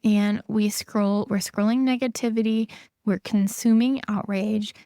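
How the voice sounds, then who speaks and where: A woman's voice: medium pitch, steady tone, a little slow, mellow, no room sound, studio quality. A woman hosting a solo podcast as an intimacy coach, talking earnestly and repeating her key points for emphasis.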